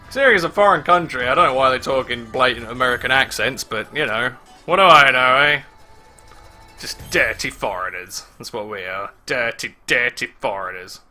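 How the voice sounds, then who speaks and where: A man's voice: medium pitch, moderate pace, pushed and bright, faint music behind. A man giving offhand, sarcastic gameplay commentary. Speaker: let's player.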